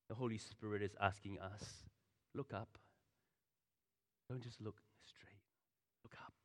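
A pastor giving a sermon in a conversational, animated way, full of asides and storytelling. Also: male voice, on the low side. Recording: long hall reverb.

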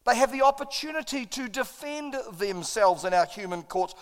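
Kiwi pastor preaching, really high voice, tells stories and acts out the bits, big echoey hall. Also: male voice, normal speed. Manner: animated storyteller, acts out his own lines. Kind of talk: sermon with humorous story.

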